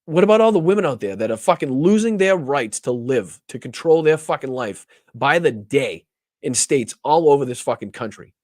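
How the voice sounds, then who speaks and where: A man's voice: medium pitch, expressive, moderate pace, darkish tone, no echo, clean studio sound. A man hosting a political show, giving impassioned, profanity-laced commentary and repeating words as he gets emotional. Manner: heated, profane, repeats words when worked up. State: emotional, near tears.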